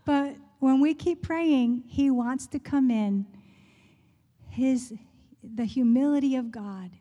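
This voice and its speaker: A woman's voice: on the high side, big-room sound. Earnest woman sharing a church story. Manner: earnest, laughs often, drops to a soft hush in prayer. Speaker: speaker sharing a testimony. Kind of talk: church talk, personal story.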